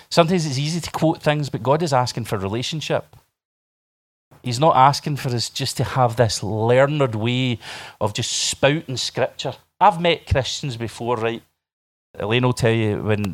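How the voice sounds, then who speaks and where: A man preaching a sermon as a pastor, telling stories and acting out the voices of people he quotes. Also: mid-range voice.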